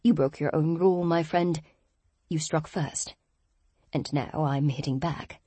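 A woman narrator voicing an arrogant male guild boss who speaks with a crisp English accent and a quiet, menacing sneer. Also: low-pitched, lively intonation, a little slow, no room sound, heavily acted.

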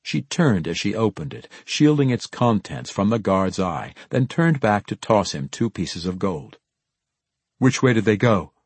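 A man reading a fantasy novel as an audiobook narrator, in a measured, low-key storytelling manner. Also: big pitch swings, breathy edge, dry recording. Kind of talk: scripted narration.

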